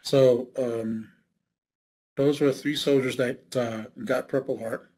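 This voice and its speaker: A man recounting his military service in an oral history interview, speaking haltingly with many fillers and restarts. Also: medium pitch, fairly even intonation, dark tone, poor audio.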